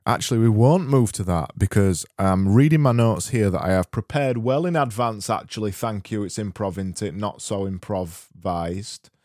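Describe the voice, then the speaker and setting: A male podcast co-host speaking in a dry, deadpan, self-mocking manner. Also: lowish voice, moderate pace, hardly any pauses, no room sound, soft background music.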